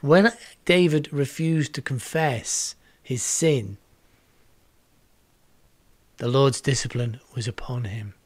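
A man's voice: mid-range voice, slow pace, pauses often, darkish tone, dry recording. A man in his sixties preaching a home video sermon, earnest and reflective, repeating words for emphasis. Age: 60s. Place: home setup with green screen.

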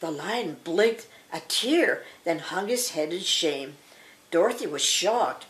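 Older woman, children's story reader, expressive, lively pitch. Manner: slow, expressive read-aloud for children. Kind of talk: reading a picture book aloud.

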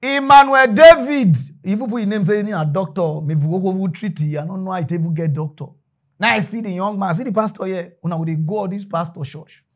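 A man with a Nigerian accent telling a comic story in Pidgin, jumping between loud bursts and hushed asides. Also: sits high, fast talker. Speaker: comedian storyteller.

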